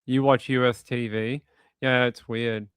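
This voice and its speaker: A man with an Australian accent hosting a livestream and reading viewer comments in a relaxed way. He repeats himself often and chuckles between thoughts. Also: medium pitch, unhurried, clean tone, dry recording. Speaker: livestream host. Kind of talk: casual live chat reading viewer comments.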